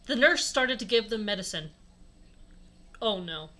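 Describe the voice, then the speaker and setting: A woman's voice: medium pitch, expressive, measured pace, bright, forceful tone. A young woman reading a fan fiction aloud for comedy, with sarcastic asides. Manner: sarcastic, laughing asides between read lines. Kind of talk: comedic read-aloud with banter.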